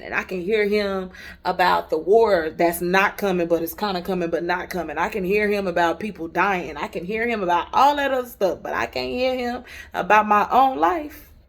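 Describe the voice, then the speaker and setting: A woman's voice: medium pitch, moderate pace, gravelly. A woman telling her faith story in a casual vlog from a hotel room, chatty, candid and emphatic, laughing often. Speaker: vlogger.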